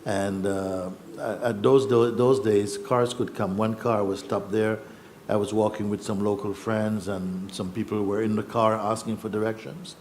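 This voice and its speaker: A man, a spiritual teacher telling his own story in a reflective, unhurried way with pauses and restarts. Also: lowish voice, little pitch movement, darkish tone, a little hiss or hum. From Jamaica. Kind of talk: personal storytelling.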